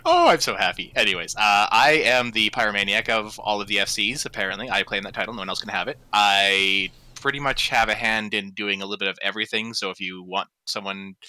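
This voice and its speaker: Man, Canadian accent, joking guild officer; very bright tone, dry close sound. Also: on the low side, no room sound. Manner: joking, teasing, playful. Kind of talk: casual group call.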